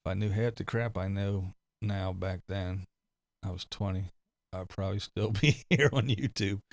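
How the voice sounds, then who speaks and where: A middle-aged man from the States with a lowish voice chats loosely on a livestream, laughing often and cursing freely as he rambles. The sound is close and dry. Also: moderate pace, no room sound. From United States. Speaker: livestream host reading chat. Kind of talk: casual chat.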